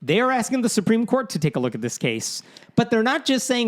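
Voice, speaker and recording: A man hosting a podcast, casually retelling news stories with animated, sarcastic asides. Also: very high-pitched, moderate pace. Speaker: podcast host.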